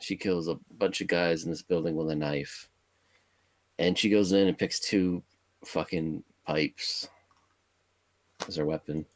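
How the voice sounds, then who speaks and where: Podcast co-host, man, very low voice, dry close mic, laid-back plot recap. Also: fairly even intonation, a little slow, pauses often, no room sound. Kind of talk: casual movie plot recap.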